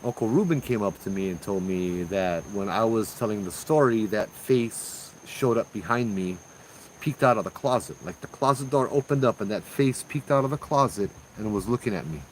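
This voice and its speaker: Calling his audience "bro," a host with a Hawaiian accent spins ghost stories in relaxed, slangy fashion. His lowish voice moves at a normal speed, and the audio is poor with a bit of background noise.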